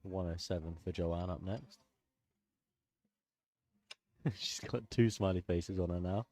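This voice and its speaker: A man with a very deep voice co-commentates on powerlifting. He sounds relaxed and easygoing, dropping quick asides as he calls the lifts. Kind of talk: live sports commentary, casual chat.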